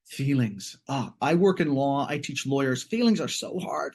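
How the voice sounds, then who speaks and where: Animated man giving a training talk. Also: mid-range voice, moderate pace, hardly any pauses, husky. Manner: animated, acts out dialogue in different voices. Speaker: webinar presenter, law teacher. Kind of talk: conversational training talk with acted examples.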